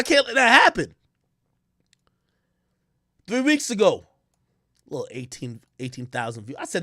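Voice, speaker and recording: A man's voice: high voice, big pitch swings, moderate pace, long pauses, sharp tone, no room sound, clean studio sound. A man, talking on a casual livestream in a boastful, teasing way. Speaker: streamer.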